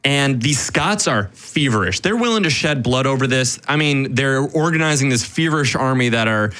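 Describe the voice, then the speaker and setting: A man co-hosting a casual history podcast, telling the story in an animated way with quick quoted asides and frequent "right?". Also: medium pitch. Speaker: podcast co-host.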